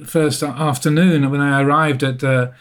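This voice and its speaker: A man telling a personal story as an interview guest, thoughtful and self-deprecating, often pausing to rephrase. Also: fairly high pitch, steady tone. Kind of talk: reflective storytelling.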